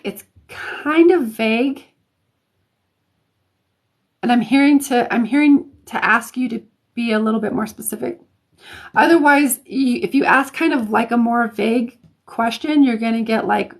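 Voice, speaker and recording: A woman hosting a live stream of intuitive readings, talking casually to viewers, chatty with many fillers and restarts. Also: on the high side.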